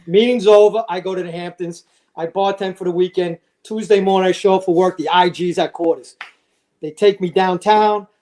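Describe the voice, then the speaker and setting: High-voiced older man telling stories. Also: normal speed. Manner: lively anecdotes, acting out quoted voices. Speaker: podcast guest, retired fire lieutenant. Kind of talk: casual storytelling.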